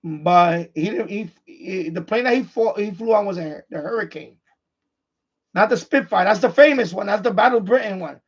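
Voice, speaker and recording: The host is a man with a high, gravelly and husky voice who rambles and keeps circling back over the same point. The stream audio sounds dull and lo-fi. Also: normal speed. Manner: repetitive, restarts sentences often. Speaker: livestream host, amateur radio operator. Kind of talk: casual rambling chat.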